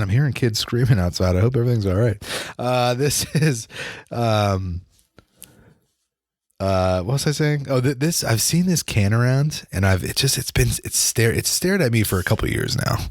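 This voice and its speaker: A man's voice: fairly low pitch, no echo, clean studio sound. A man hosting a solo podcast, chatting casually and rambling with many restarts. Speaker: podcast host. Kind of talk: casual solo podcast about football and beer.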